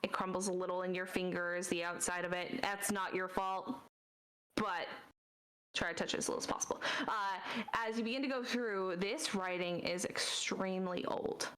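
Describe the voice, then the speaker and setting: A woman's voice: fairly low pitch, steady tone, normal speed, fairly bright tone, low-quality recording. A woman narrating as game master in a loose, casual way with lots of fillers.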